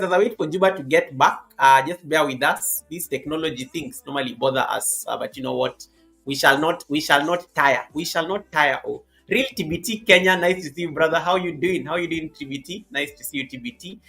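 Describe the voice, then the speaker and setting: A man with a bright, slightly high voice hosts a live stream interview, greeting viewers one by one. He repeats phrases as he fills the time. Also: low-quality recording.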